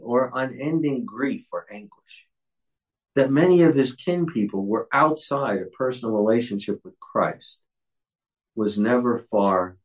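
A man's voice: mid-range voice, a little mellow, low-quality recording. A man leading a Bible study, explaining a passage in an earnest way with frequent restarts.

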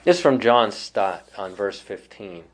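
A man's voice: lowish voice, animated, unhurried. A man leading a Bible study, talking things through with many fillers and restarts as he explains a passage.

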